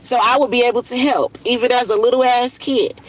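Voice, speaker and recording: A woman's voice: a little high, fairly even intonation, brisk, low-quality recording. Blunt, profane woman in her thirties venting. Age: 30s. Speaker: livestreamer. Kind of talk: casual venting monologue.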